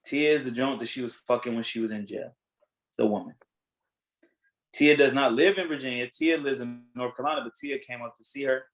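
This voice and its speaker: A man hosting a podcast in casual chat, retelling a reality show in a blunt, animated way, acting out what people said and swearing freely. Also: mid-range voice, fairly quick, poor audio. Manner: animated storytelling, acting out quotes. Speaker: podcast host.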